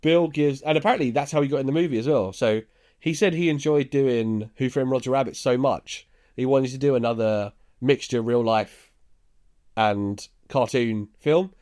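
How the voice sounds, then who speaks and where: A man's voice: mid-range voice, normal speed, a little mellow. Laid-back man recapping a film. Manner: laid-back storytelling, chuckles while recounting scenes. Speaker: podcast co-host.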